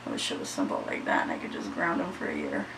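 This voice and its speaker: A woman's voice: very deep voice, big pitch swings, fast, gravelly, noisy background. A woman chatting casually through a makeup tutorial at home, shaky and anxious, swearing freely. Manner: chatty, swears freely, yells at her dogs. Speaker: beauty vlogger.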